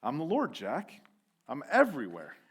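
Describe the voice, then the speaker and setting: Man doing God's voice, calm, unhurried, reassuring, sermon storytelling. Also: on the high side, slightly rough, full character voice. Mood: calling back. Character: calm, unhurried male God voice.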